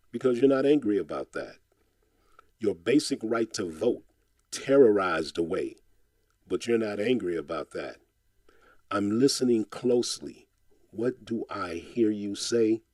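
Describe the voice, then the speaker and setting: Man, low register, dry close sound; rhythmic, impassioned spoken-word recital with a hammering refrain. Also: darkish tone, dry recording. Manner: rhythmic, insistent delivery with a repeated refrain; impassioned, exhorting tone.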